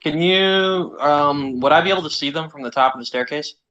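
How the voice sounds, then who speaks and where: A man's voice: fairly high pitch, brisk, bright, forceful tone, lo-fi sound. A man playing a tabletop game, asking unsure questions and swearing now and then. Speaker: player.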